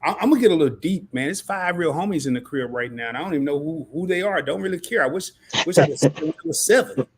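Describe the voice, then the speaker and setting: Brief: husky man, higher voice, animated preachy livestream host. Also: fast talker, few pauses. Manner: animated, stumbling restarts, preachy. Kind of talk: casual livestream talk.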